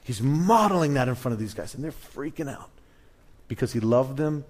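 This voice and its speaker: A male pastor preaching a sermon in a conversational way, swinging between loud emphasis and hushed lows. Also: expressive, moderate pace. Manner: conversational with restarts.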